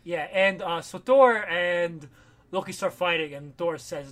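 A man co-hosting a podcast, retelling a comic story in casual chat, animated and profane with lots of fillers. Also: high voice, a little slow. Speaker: podcast co-host.

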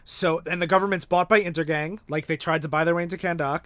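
A man with a fairly high voice explaining a comic plot in a measured way. The sound is dry and close. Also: fairly even intonation, fairly bright tone, dry recording. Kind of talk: casual chat recapping a comic.

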